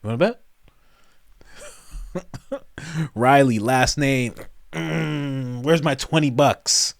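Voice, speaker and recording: A man hosting a comedic reaction commentary show, animated and breaking into laughter often. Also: medium pitch, extremely slow, vocal fry, no room sound, studio quality.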